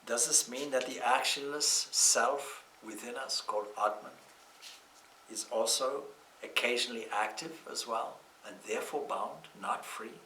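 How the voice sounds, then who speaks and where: A man with a bright, clear voice gives a calm, reflective scripture class. He sits back from the microphone, and the room around him rings with echo. His phrasing is slow and deliberate. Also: medium pitch, distant mic, slight background noise. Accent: Irish. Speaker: monk teaching scripture. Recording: echoey room, speaker off-mic.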